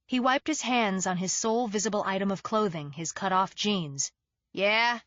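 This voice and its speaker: A woman's voice: mid-range voice, moderate pace, no echo. A woman narrating a thriller audiobook in the first person, in a wry, sardonic storytelling manner.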